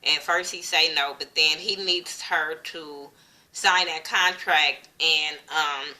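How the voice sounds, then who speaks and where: A woman's voice: deep voice, takes it slowly. Blunt, profane woman recapping a show. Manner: blunt, profane, animated retelling with quoted voices. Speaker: TV show reviewer. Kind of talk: casual recap vlog.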